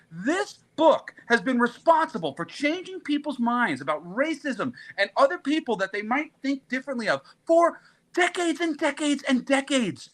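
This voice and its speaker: A man's voice: very high voice, fairly bright tone. A man talking as a panel guest on a video call from outdoors on a mountain, ranting with passion and swearing freely. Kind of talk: casual panel chat.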